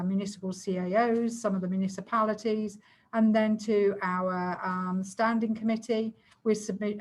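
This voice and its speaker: A woman coordinator walks a council through a plan in a brisk, explanatory way. Her voice sits at an ordinary middle pitch, and she speaks over a video call. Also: poor audio. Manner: brisk, explanatory, rushed to fit the time. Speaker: community safety plan coordinator. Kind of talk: council meeting presentation.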